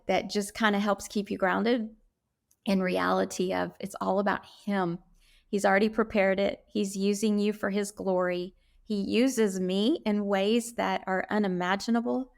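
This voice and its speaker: A middle-aged woman giving an earnest, heartfelt faith testimony in an interview, often pausing with "um". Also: mid-range voice, fairly even intonation, creaky. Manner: earnest, heartfelt, with frequent "um" pauses. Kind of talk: reflective interview answers.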